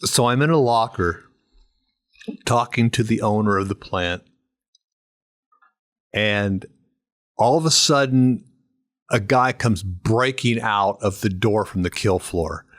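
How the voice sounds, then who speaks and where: A middle-aged man telling stories as a guest on a podcast, animated, with casual storytelling. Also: fairly low pitch, takes it slowly, pauses often. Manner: animated storyteller who acts out voices.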